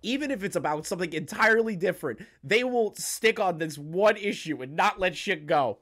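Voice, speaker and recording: A man hosting a reaction commentary, pitched a little high for a man. He is blunt and crude, and he slows right down to hammer home each point. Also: animated, fairly bright tone, no echo, clean studio sound. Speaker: commentary host.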